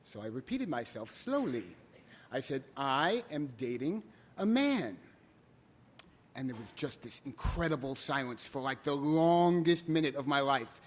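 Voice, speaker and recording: A man telling a comic personal story live on stage, animated. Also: medium pitch, moderate pace.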